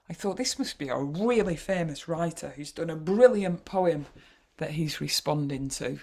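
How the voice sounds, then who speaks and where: A woman with a Yorkshire accent leads an online poetry workshop, talking in a chatty, wry way with plenty of hesitations. Her voice has a gravelly, husky edge, and she comes through a video call. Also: low-pitched, animated, moderate pace, few pauses, a little mellow.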